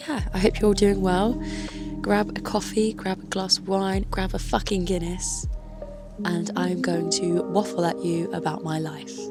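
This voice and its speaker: A woman's voice: fairly low pitch, flat delivery, a little slow, over loud music. A young woman from Northern Ireland and Kent, chatting casually to camera in a rambling way and swearing freely. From born in Northern Ireland, grew up in Kent, England. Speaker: vlogger.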